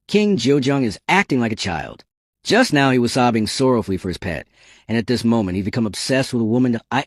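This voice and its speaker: A man's voice: medium pitch, no echo, studio quality. A man narrating a story recap and reading every part himself in a plain storytelling manner.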